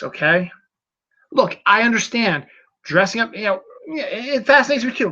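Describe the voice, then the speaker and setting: A man's voice: a little high, bright, forceful tone. Rambling man on a solo podcast. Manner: rambling, repeats words and restarts. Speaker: podcast host. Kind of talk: solo casual monologue. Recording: dull lo-fi audio.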